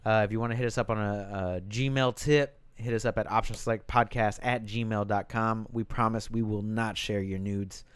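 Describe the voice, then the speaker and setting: A man's voice: lowish voice, fairly even intonation, normal speed, few pauses, clear, resonant tone, no echo. A man co-hosting a casual podcast, teasing his partner bluntly and swearing freely. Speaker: podcast co-host. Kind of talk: casual chat.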